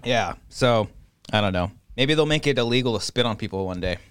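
Male podcast host, dry close sound, mid pitch, loose rambling profane storyteller. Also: lively intonation, fairly quick, fairly bright tone, clean tone, dry recording. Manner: rambling, profane, acts out quoted voices. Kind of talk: casual chat, storytelling.

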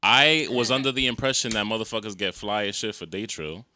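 Man, podcast co-host, casual storytelling, slangy, bright forceful voice, dry close sound. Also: on the low side, fairly quick, dry recording. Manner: animated storytelling, slangy, acts out quotes. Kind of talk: casual chat.

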